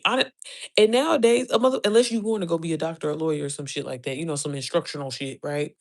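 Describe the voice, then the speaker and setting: Blunt, profane woman lecturing her followers. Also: deep voice. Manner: emphatic rhetorical questions; quick laughs between points. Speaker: online business coach. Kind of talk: casual motivational rant to camera.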